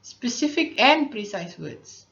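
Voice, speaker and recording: A woman's voice: a little high, big pitch swings, slow, vocal fry, a bit bright. A woman teaching a writing lesson, patiently explaining and checking in often with "okay". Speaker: English teacher. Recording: dull lo-fi recording.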